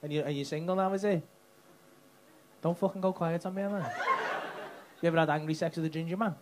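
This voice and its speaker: A stand-up comedian does cheeky, sweary crowd work on stage at a comedy club, his voice on the high side, fairly quick, with fairly even intonation. The live club recording carries crowd noise and loud audience laughter.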